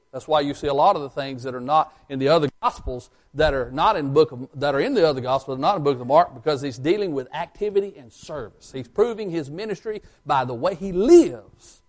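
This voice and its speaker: A man's voice: a little high, brisk, hardly any pauses. A man preaching a Bible sermon with emphatic delivery, asking the congregation questions and answering them himself. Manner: emphatic, rising and falling, asks the congregation questions.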